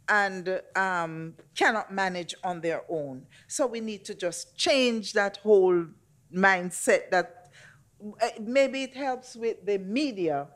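Earnest woman panelist. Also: mid-range voice. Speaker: panelist, disability advocate. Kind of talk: panel discussion. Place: festival screening venue.

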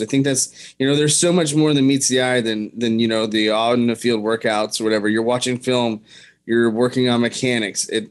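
A man co-hosting a sports podcast, speaking in a measured way with many "you know" fillers. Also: mid-range voice. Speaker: podcast co-host. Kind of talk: casual sports talk.

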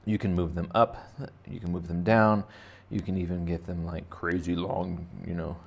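A man's voice: sits low, little pitch movement, moderate pace, gravelly. A man teaching kids to draw in a casual, rambling, jokey way, thinking aloud as he sketches. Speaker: art teacher. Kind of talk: casual drawing lesson for kids.

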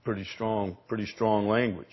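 A man preaching a sermon as pastor, emphatic, repeating words and asking the congregation questions, with a husky voice. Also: on the low side, fairly even intonation, normal speed, muffled recording. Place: church sanctuary.

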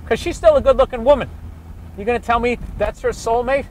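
A man doing comedy as he walks a city street outdoors, ranting loudly and sarcastically and swearing constantly. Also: very high voice, brisk, a little hiss or hum. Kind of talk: profane ranting walking tour.

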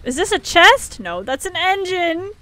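A young woman streaming a shooter game, chatty and excitable, laughing often and talking to her viewers. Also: very high voice. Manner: excitable, chatty, quick to laugh, talks to chat. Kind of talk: live gameplay commentary.

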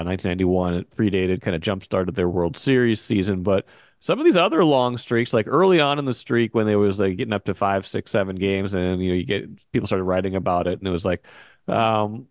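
A man's voice: fairly low pitch, no echo, clean studio sound. A man hosting a sports podcast, casually prompting his guest with questions and laughing easily along. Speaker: podcast host.

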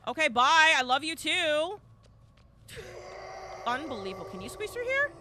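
A woman streaming a horror game live, giving excitable commentary full of loud exclamations and repeated cheers. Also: sits high, measured pace, heavy background noise.

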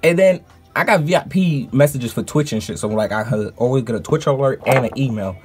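A man who streams, telling a story in a casual, animated and profane vlog rant. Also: mid-range voice, brisk, music in the background.

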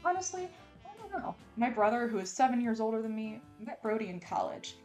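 A woman's voice: on the high side, sing-song, fairly quick, a little mellow, soft background music. A woman reading a romance novel aloud in a dramatic, casual style with playful, sarcastic asides. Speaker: audiobook reader.

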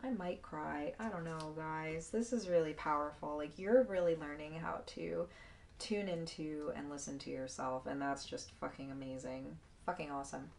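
Low gravelly woman giving a tarot reading. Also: steady tone, normal speed, a little mellow, a little hiss or hum. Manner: emotional, effusive, swears casually. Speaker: tarot card reader. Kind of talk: casual spiritual card reading.

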